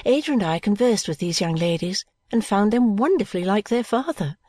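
A woman narrating an audiobook of a classic novel at a measured, even storytelling pace. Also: mid-range voice, no echo. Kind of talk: scripted narration.

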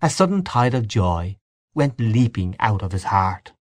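Low-voiced man reading a story. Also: very animated, a little slow, dry recording. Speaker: audiobook reader. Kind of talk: scripted narration.

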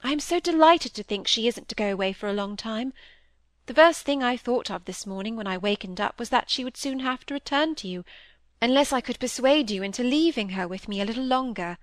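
A woman's voice: on the high side, lively intonation, brisk, no room sound, lightly acted. A woman doing a kindly genteel lady. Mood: fond. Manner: gentle and warmly coaxing.

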